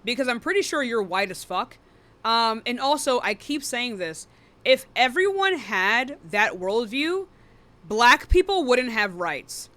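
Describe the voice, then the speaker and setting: A woman hosting a live online debate stream, blunt and profane, quick to cut people off. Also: fairly high pitch, big pitch swings, sharp tone.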